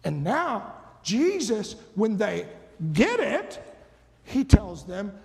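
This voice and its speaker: A man preaching a dramatic storytelling sermon, swinging from loud to hushed. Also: high-pitched, sing-song, very slow, creaky. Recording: long reverb of a large hall.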